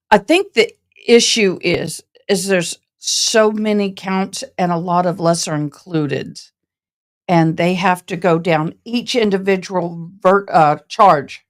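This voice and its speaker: A woman hosting a casual live stream about a trial, chatting with viewers in a rambling, passionate, direct way. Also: fairly low pitch. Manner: self-described passionate and direct.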